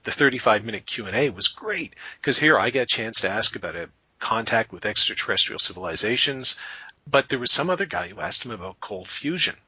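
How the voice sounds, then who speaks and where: A man from Canada hosting a podcast, telling rambling, animated stories in a casual chat. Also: lowish voice, fairly quick, slightly rough, no echo, lo-fi sound. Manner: rambling, animated storyteller who breaks into funny voices. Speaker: podcast host.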